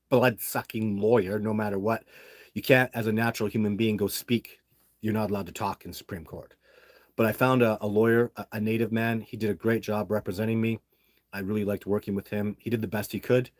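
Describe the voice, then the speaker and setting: Blunt, low-voiced man venting. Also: darkish tone, dry recording, clean studio sound. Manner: blunt and heated, swears freely while venting. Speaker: independent Sasquatch researcher and show host. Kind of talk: casual storytelling monologue.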